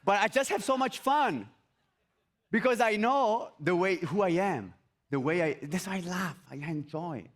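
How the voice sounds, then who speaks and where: A man giving an energetic motivational talk on an event stage. He repeats his phrases and asks the audience rhetorical questions. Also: high voice, a little slow. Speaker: motivational speaker.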